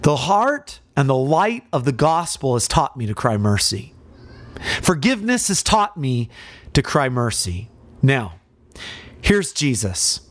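A man's voice: mid-range voice, very animated, a little slow. A man preaching an expository sermon with passion, full of rhetorical questions.

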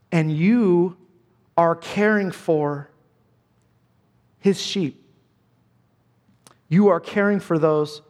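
A man's voice: on the high side, darkish tone, big-room sound. A man preaching a sermon as pastor, earnest and emphatic, repeating his key phrases.

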